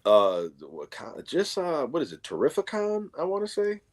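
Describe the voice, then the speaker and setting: A man's voice: a little high, huge pitch swings, normal speed. A man in casual chat, telling a story with slang and swearing. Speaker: livestream co-host.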